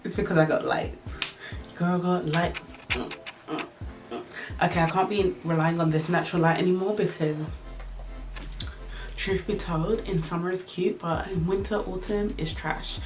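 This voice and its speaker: A chatty young woman talks through her everyday makeup routine, slightly low-pitched for a woman, with faint music playing underneath. She keeps it playful and loose, making up silly words along the way. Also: steady tone, normal speed. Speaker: beauty vlogger. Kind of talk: casual makeup tutorial chat. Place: indoors at home under studio lights.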